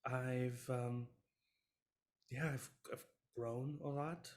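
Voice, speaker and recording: A man's voice: medium pitch, fairly even intonation, slow pace, a little mellow, a little hiss or hum, natural voice. A man voicing a returned grown child in a tabletop game, speaking in a subdued, hesitant, apologetic way.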